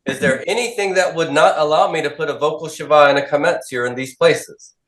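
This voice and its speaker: A slightly bright, higher-pitched man speaks a little fast while teaching a class, firing questions, drilling, and echoing answers. The recording is a call-and-response lecture in a room with echo.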